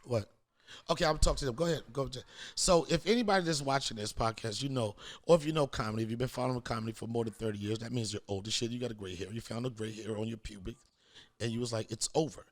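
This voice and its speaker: A man's voice: mid-range voice, quick pace. Joking podcast host, a man, loose talk. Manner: hyped show intro. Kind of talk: casual comedic podcast chat.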